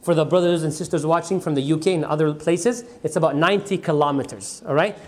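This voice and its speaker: A man's voice: fairly high pitch, fast talker, a little mellow. A man giving a religious lecture as a teacher, retelling a story dramatically and quizzing his audience with call-and-response questions. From United States. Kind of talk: sermon-style storytelling lecture.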